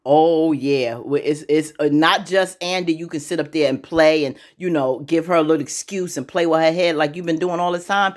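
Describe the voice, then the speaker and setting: Chatty woman vlogger, lowish voice. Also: moderate pace, hardly any pauses. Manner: animated, chatty, slangy, acts out the characters. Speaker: vlogger recapping a TV episode. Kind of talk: casual chat.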